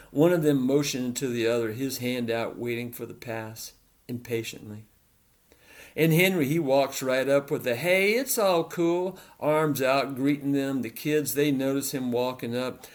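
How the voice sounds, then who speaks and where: Male storyteller, mid-pitched, reading his own fiction at a measured crawl, repeating phrases to linger on details. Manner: slow, deliberate and repetitive, lingering on details.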